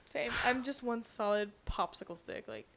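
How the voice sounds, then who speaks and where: A young woman co-hosting a podcast talks in a casual, rambling way, quick to giggle and jump in. Her voice sits somewhat high. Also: noisy background. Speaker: podcast co-host. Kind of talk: casual chat.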